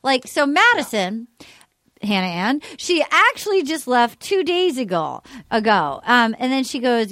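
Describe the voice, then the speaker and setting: A young adult woman hosts a podcast in casual, animated chat. Her voice sits high and bounces through a wide range, recorded close and dry. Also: unhurried, no room sound. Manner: animated, acts out quotes, swears freely. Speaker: podcast host.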